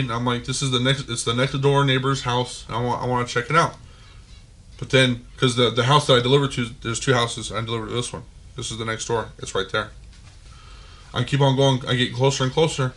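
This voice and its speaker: Guy on a podcast, swears a ton, says like and right constantly, normal pitch. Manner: profane, animated storytelling with many fillers. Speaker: podcast host. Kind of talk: casual storytelling.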